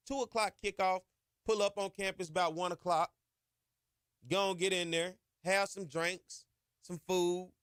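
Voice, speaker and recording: Fired-up high-voiced podcast host. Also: male voice, fairly bright tone, dry recording, clean studio sound. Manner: emphatic, preachy, colloquial with "y'all" and "ain't". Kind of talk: impassioned sports podcast monologue.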